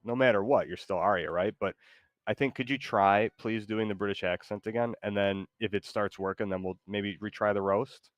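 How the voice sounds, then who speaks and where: A man talks over his gameplay in a casual, rambling way, full of fillers and bursts of excitement. His voice sits on the low side. The sound is close and dry, with no room behind it. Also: normal speed, no room sound. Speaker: gaming streamer. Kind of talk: casual live commentary while playing.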